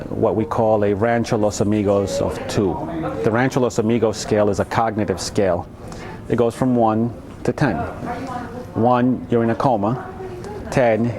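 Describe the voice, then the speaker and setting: A man working as a rehabilitation clinician, explaining a patient's condition in a clinical, explanatory way in an archived news interview. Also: fairly low pitch.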